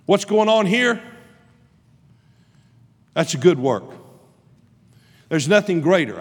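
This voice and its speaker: A man's voice: fairly high pitch, sing-song, measured pace, long pauses, husky. A man preaching a sermon in an impassioned, emphatic way, recorded in a large chapel. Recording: reverberant hall.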